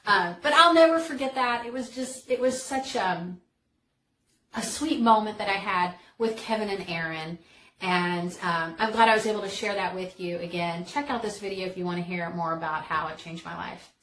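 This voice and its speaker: Animated storytelling woman in an echoey room. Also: medium pitch, normal speed. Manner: animated, dramatic retelling with filler words. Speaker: storytelling vlogger. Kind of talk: casual storytelling. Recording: echoey room with faint noise.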